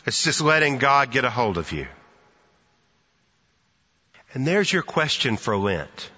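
A man preaching a sermon, unhurried, with a bright, forceful tone. He tells stories and drops to a soft hush for emphasis. His voice comes through slightly muffled, with a long echo from a church hall. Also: medium pitch, very animated, breathy edge. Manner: storytelling, slows and softens for emphasis.

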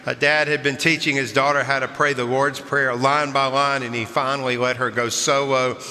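A man delivers a sermon in a big church, his bright, forceful voice ringing out with a long echo. He tells light anecdotes with easy chuckles before settling into earnest preaching. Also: mid-range voice, flat delivery, moderate pace. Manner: warm storytelling with chuckles, then earnest preaching. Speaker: pastor. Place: large church sanctuary. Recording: long church-hall reverb.

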